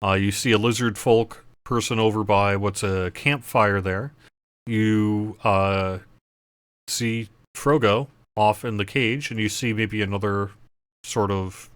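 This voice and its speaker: A man with a lowish voice acts as game master for a tabletop game over voice chat. He talks in a hesitant way, with plenty of fillers. The sound is dry and close. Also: unhurried, no room sound.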